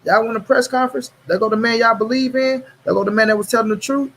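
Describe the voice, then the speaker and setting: A man's voice: very high-pitched, fairly even intonation, fast talker, fairly bright tone, a little hiss or hum, rough recording. A man hosting a boxing commentary channel, ranting in a casual, profane way, repeating lines for stress and talking straight to his viewers in street slang.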